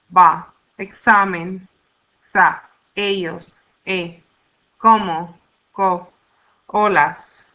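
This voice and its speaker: A woman teaching a language class, explaining grammar rules slowly and clearly and sounding out syllables for students. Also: a little high, pushed and bright. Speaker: Spanish teacher. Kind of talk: recorded classroom lesson. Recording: dull lo-fi recording.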